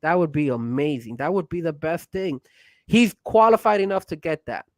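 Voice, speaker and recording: A man's voice: a little high, sing-song, moderate pace, dry recording. A man co-hosting a casual wrestling talk show, pushing his opinions with hyped fan banter. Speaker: co-host.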